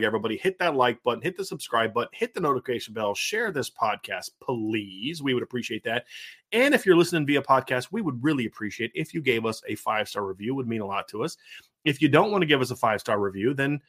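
A man with a Southern American accent hosts a casual sports podcast. He talks fast and in an animated rush, full of fillers and quick restarts, at an ordinary middle pitch. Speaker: podcast host.

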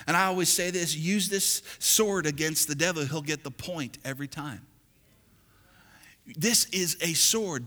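Preaching man in an echoing hall. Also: high voice. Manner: preaching with call-and-response, building to loud exhortation. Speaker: pastor. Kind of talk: sermon. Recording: long hall reverb.

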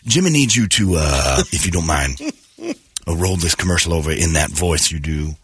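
A man's voice: rumbling low, lively intonation, normal speed, a bit bright, breathy edge, no echo, heavily acted. A radio host imitating a glad-handing male salesman who talks about himself in the third person. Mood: wheedling. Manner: wheedling, repeats happy birthday.

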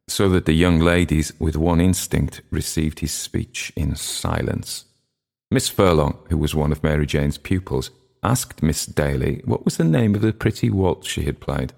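Deep, gravelly male narrator. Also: a little mellow. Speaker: audiobook narrator. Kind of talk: literary narration.

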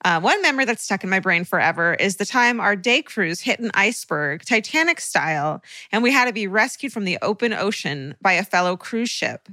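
Lively, bright-voiced woman podcaster. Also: medium pitch, fairly quick, hardly any pauses, no echo. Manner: animated and exclamatory, reacts loudly. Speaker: podcast co-host. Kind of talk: casual chat, reading a listener letter aloud.

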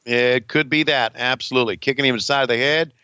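A man co-hosting a podcast, calling a wrestling match with excitable, profane play-by-play, on a dull lo-fi recording. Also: medium pitch, fast, smooth, no echo. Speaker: co-host and wrestling commentator. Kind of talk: casual podcast match commentary.

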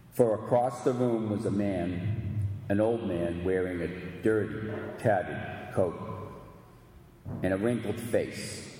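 A male preacher reads a story to his congregation in a slow, unhurried voice. His tone is mellow and dark. He sometimes breaks into song, and the sound carries a long, roomy echo from a large hall. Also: lowish voice. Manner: slow, dramatic reading with sung phrases. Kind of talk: sermon storytelling. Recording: echoey hall with long reverb.

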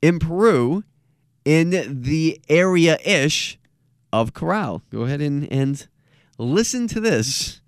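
A man's voice: on the high side, animated, takes it slowly, dry recording, studio quality. A man hosting a podcast in casual chat, joking and stressing his points with emphasis. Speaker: podcast host.

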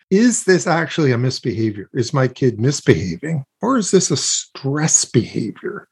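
A man's voice: medium pitch, vocal fry, breathy edge. A man speaking as an interview guest, explaining ideas earnestly with examples and rhetorical questions. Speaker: guest expert on child self-regulation.

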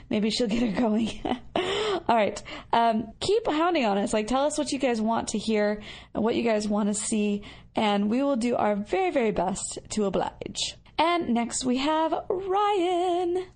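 Chatty woman host with a gravelly edge. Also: mid-range voice, moderate pace, darkish tone. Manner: chatty, upbeat, filler-heavy. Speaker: podcast host. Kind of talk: casual chat reading listener messages.

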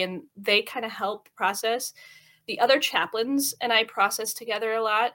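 A woman's voice: medium pitch, fairly even intonation, fairly quick, sharp tone. Earnest emotional woman chaplain. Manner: earnest, emotional, many fillers. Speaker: hospital chaplain. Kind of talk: interview conversation.

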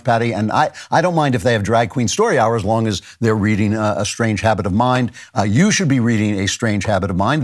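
A middle-aged man hosting his own show, delivering a satirical commentary monologue with dry, mock-serious jokes. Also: on the low side. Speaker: show host.

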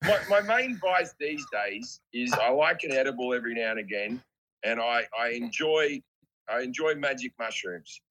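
A man's voice: medium pitch, animated, moderate pace, sharp tone, low-quality recording. A man in his forties with an Australian accent, a comedian guest chatting casually over a video call, laid-back and self-deprecating, swearing offhandedly. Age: 40s. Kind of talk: casual podcast chat.

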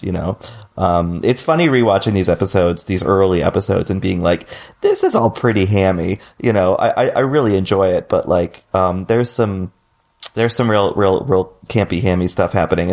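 A man with a very low voice and a gravelly, creaky texture, chatting casually as a podcast co-host. He talks in a loose, halting way, full of "um" and "like" and restarts. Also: darkish tone. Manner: hesitant, full of fillers and restarts. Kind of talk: casual chat.

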